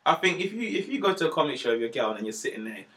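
A young man talks at a brisk clip in a slightly high voice. He is a stand-up comedian in casual conversation, spinning slangy stories and jumping into the voices of the people he describes. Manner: animated, slangy, acts out voices in his stories. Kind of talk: casual storytelling chat.

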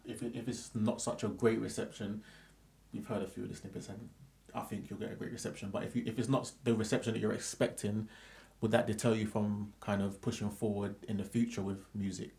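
A man's voice: fairly low pitch, flat delivery, fairly quick, creaky, darkish tone. A man co-hosting a podcast, asking careful questions with a few hesitant fillers. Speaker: podcast co-host. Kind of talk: casual podcast interview. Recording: echoey room.

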